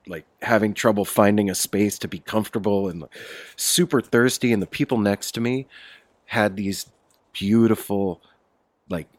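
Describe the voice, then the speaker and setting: A man guest telling stories in a casual, animated chat, swearing freely and laughing. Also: fairly low pitch, moderate pace, dry recording. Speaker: podcast guest. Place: outdoor porch.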